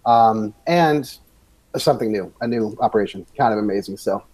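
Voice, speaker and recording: A man's voice: fairly low pitch, moderate pace, a little mellow, no room sound, low-quality recording. Rambling man on a gaming podcast. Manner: rambling, meandering. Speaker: podcast co-host. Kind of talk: casual chat.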